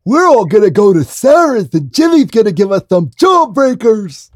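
A man with a dry, hoarse throat voicing a dopey, excitable cartoon boy in a loud, goofy, strained high voice. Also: normal speed, no echo. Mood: goofy excited.

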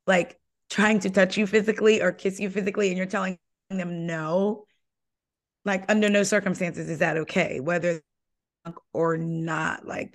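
A young woman hosts a casual podcast chat about reality TV. She talks in an animated, emphatic way and fills her sentences with "like.". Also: medium pitch. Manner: animated, emphatic, says "like" a lot. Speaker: podcast host. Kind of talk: casual pop-culture gossip chat.

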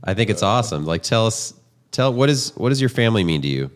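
A male podcast host with a very deep, low voice keeps a casual interview moving. He encourages his guest warmly with short affirmations and open questions. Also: big pitch swings, quick pace.

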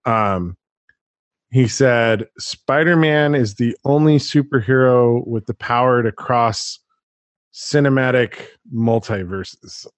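Podcast host, man, mid-pitched, chatty and animated, dry close sound. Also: slow, no room sound. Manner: animated, chatty, laughs often. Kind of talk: casual chat.

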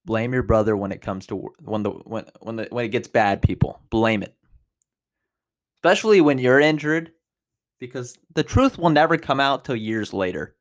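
A man in his twenties hosting a podcast, telling a personal story in a casual, animated way, with big jumps in pitch and loudness. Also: normal speed. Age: 20s. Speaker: podcast host.

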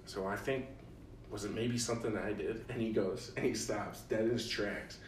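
A young man from Illinois tells a story with a low voice, acting out every line of dialogue and laughing as he goes. He sits a bit back from the mic in a roomy space, with faint ambience behind him. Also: normal speed, recorded from a distance, slight background noise. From Illinois, USA. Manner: animated storyteller, acts out quotes, laughs often. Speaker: podcast host. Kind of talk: casual storytelling chat.

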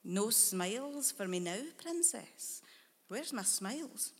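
Brief: gruff, lonely old man, menacing undertone, read by a woman, long reverb. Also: medium pitch, lively intonation, takes it slowly.

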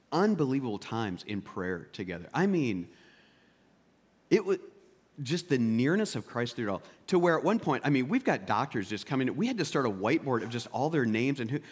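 A man preaching a sermon from the pulpit, his voice sitting at an ordinary middle pitch. He swings between loud, emphatic peaks and quiet, intimate asides as he presses his points. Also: slightly rough. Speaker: pastor.

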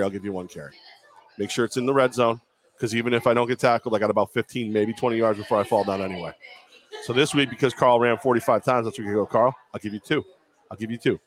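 A man co-hosting a casual sports talk show, telling jokey, self-mocking stories. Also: medium pitch.

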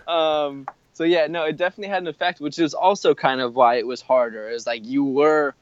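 A young man in casual chat, telling a wild travel story in an animated way, full of "like" and laughing mid-sentence. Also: fairly high pitch, brisk, dull audio.

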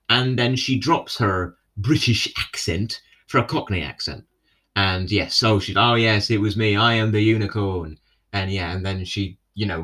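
Rambling young man with a lowish voice. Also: fairly bright tone. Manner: rambling, filler-heavy, keeps asking "right?". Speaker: episode recapper. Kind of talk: casual retelling of a TV episode.

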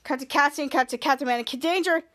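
A woman hosting a podcast, retelling a TV episode scene by scene in a halting, repetitive way with frequent restarts. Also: sits high, a bit bright. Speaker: podcast host. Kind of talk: casual episode recap.

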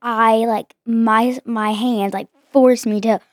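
A woman's voice: a little high, fairly even intonation, slow, no echo, clean studio sound. A young woman, a daughter co-hosting a family chat, talking animatedly and hesitantly with many fillers. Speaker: co-host, daughter.

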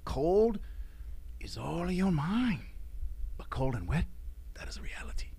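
A relentless Puerto Rican dive instructor barks his commands in a high, loud, stretched-out voice, as a man imitates him. Every order is dragged out and pushed hard. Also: very animated, gravelly, slightly rough, exaggerated voice. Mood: drill orders. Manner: barking, drawn-out commands.

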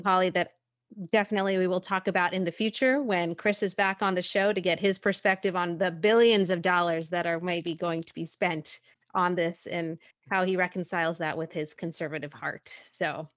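Chatty low-voiced woman host. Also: dry recording, studio quality. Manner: chatty, restarts words, thinks aloud. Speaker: podcast host. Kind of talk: casual conversational interview.

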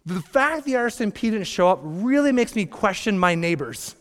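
A man in his thirties preaching a sermon as a pastor, joking, moving between hushed asides and emphatic bursts. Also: sits high, very animated, moderate pace, few pauses. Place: church sanctuary. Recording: long reverb of a church hall.

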